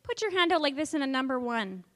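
A woman's voice: high-pitched, very animated, quick pace, dry recording. A woman teaching a Bible lesson to children in a coaxing way, asking them questions and inviting them to join in.

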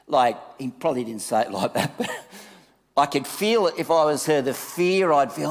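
A man giving a conversational sermon, reading scripture and telling stories with lively asides. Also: on the high side, moderate pace. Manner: conversational, animated storytelling with asides. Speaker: preacher. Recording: long reverb of a hall.

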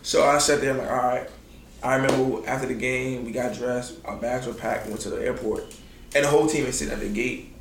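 A man, a former college basketball player, casually telling stories in laid-back slang and acting out quotes with big jumps in his voice. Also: a little fast. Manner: animated, acts out quotes with big pitch jumps. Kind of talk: casual storytelling. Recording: roomy sound with faint noise.

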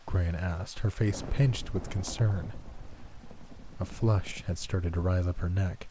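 A man reading a horror story aloud in a slow, tense, dramatic way. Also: low voice, steady tone, mellow, a little hiss or hum. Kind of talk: scripted narration.

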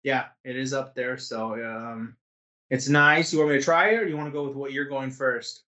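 A man co-hosting a casual podcast, talking in a relaxed, rambling way with lots of fillers. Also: medium pitch, moderate pace. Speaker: podcast co-host. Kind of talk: casual chat.

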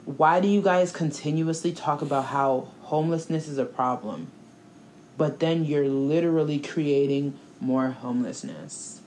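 A woman's voice: low voice, expressive, unhurried, darkish tone, a little hiss or hum. A young woman talking in a blunt, profane, sarcastic casual chat as co-host.

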